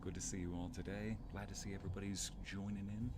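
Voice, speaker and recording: A man's voice: deep voice, flat delivery, fast, very noisy. A man streaming live, chatting casually, greeting viewers by name and laughing easily, speaking into a desk microphone at home. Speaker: streamer and narrator. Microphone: desk microphone at home streaming setup.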